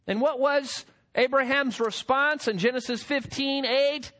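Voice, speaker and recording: A man's voice: extremely high pitch, moderate pace, few pauses, bright, forceful tone. A man preaching a sermon as pastor, emphatic and full of rhetorical questions.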